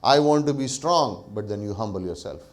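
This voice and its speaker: A man's voice: fairly low pitch, lively intonation, moderate pace. A male pastor preaching a sermon, posing rhetorical questions to the congregation, answering them himself, and laughing lightly between points. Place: church.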